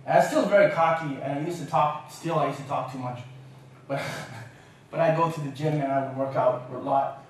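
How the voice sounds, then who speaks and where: A man's voice: a little high, brisk, slight background noise. Man telling a funny story in an echoey hall. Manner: animated, self-mocking humorous storytelling. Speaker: guest speaker. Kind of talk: lecture storytelling. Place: university lecture room. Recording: echoey lecture hall from far off.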